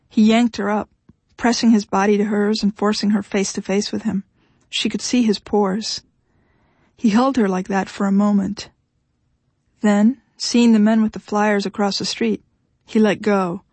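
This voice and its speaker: Husky woman narrating an audiobook. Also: medium pitch, level tone, moderate pace, darkish tone, no room sound.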